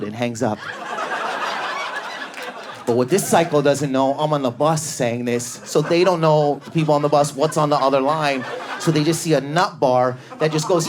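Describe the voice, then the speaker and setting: Canadian guy doing standup, wired and neurotic, yells a lot, slightly high voice, club crowd cracking up. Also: normal speed. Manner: high-energy, neurotic, frequent shouting and acted-out voices. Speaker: stand-up comedian. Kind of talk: stand-up comedy set. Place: comedy club stage before a live audience. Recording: live club recording with crowd laughter. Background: audience laughter.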